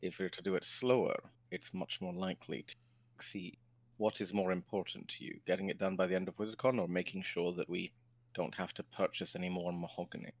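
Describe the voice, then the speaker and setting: A man voicing a patient, fatherly adult woodcarver in a tabletop role-play, speaking in a measured, thoughtful way. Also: sits low, little pitch movement. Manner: measured, thoughtful, asks clarifying questions. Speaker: tabletop game player.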